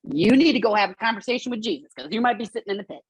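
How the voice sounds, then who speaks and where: A woman's voice: on the high side, expressive, rapid-fire, breathy edge, no echo. A woman speaking as a podcast guest, earnest and emphatic, repeating phrases for stress as she shares her faith. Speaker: guest, founder of a Pilates studio. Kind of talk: faith testimony in a podcast conversation.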